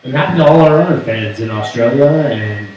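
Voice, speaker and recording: A man's voice: medium pitch, a little fast, distant mic, muffled recording. A man co-hosting a casual pop culture show, reading news items and cracking dry jokes with frequent "uh"s. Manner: dry deadpan jokes, hesitant with uh. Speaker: co-host presenting the news items. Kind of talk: casual banter. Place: pub. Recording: echoey room, voice from off mic.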